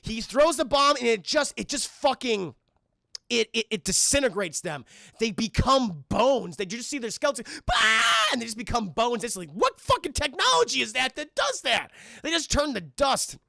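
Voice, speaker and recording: Guy on a stream going scene by scene, swears a lot, bright edgy voice, dry room. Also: very high voice, moderate pace, gravelly, no room sound. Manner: profane, animated, talks to chat; acts out lines in put-on voices. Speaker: livestream host. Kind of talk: casual film review stream.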